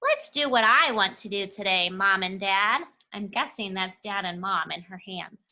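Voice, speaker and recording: A woman's voice: medium pitch, moderate pace, pushed and bright. A young woman teacher reading a picture book aloud to her class, with playful, chatty asides to the children. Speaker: elementary school teacher.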